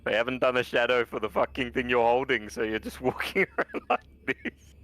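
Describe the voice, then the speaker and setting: A man's voice: mid-range voice, fairly even intonation, brisk, fairly bright tone. A man streaming a video game, chatting casually, rambling in a joking way, and swearing freely. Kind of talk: casual chat while gaming.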